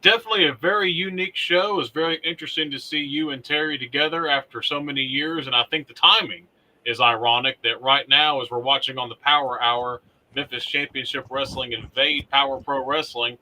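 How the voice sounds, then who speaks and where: A man hosting a wrestling show, giving a brisk, upbeat recap of old match cards and chatting with his co-host. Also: medium pitch, steady tone, pushed and bright, low-quality recording. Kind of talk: scripted recap narration and casual chat.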